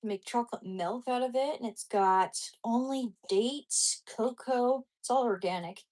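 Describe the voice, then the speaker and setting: A woman's voice: a little high, measured pace, darkish tone, no echo. Chatty woman live-streaming, dry close sound. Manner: rambling and chatty, trailing off and restarting; coos in baby talk to her dog. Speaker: livestreamer chatting with viewers. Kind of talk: casual live-stream chat.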